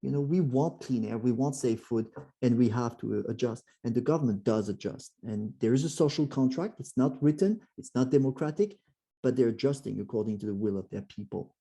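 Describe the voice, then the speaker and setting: Man, French accent, very dark tone, husky, speaker at a club talk, restarts and fillers. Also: medium pitch, fairly quick. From France. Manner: frequent fillers and restarts, animated quoted voices. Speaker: guest speaker. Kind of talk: club presentation with slides.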